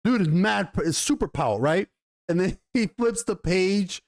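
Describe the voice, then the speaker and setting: Animated, slangy man reviewing TV. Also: high-pitched, unhurried. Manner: animated and slangy, often repeats himself. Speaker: TV show reviewer. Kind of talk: casual episode review.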